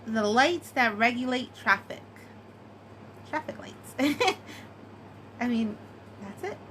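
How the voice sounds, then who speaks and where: A woman's voice: fairly high pitch, expressive, slow pace, fairly bright tone, a little hiss or hum, rough recording. A woman chatting casually and giggling, with many fillers, as she answers a tag. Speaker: craft vlogger.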